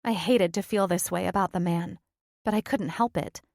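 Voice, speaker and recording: A woman narrating a first-person audiobook in a steady, earnest storytelling manner. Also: on the low side, normal speed, vocal fry, no echo, clean studio sound.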